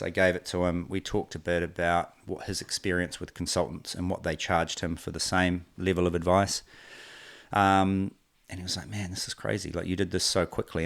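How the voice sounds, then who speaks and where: A man in his forties with a New Zealand accent and a voice that sits low appears as a guest, a company co-founder, in a casual interview. He tells stories in a relaxed, rambling way, acting out the dialogue he quotes.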